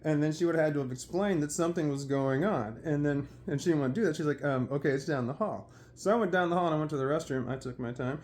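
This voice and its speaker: A man casually telling a personal story, animated and acting out what others said. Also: a little high, fast, few pauses, slight background noise. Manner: animated, quotes others in dialogue.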